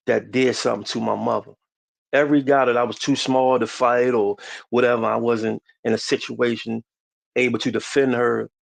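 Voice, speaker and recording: A man in his forties from the DC area, a podcast guest telling a personal story slowly and haltingly, with many restarts. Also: mid-range voice, creaky, no echo. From DMV area, US.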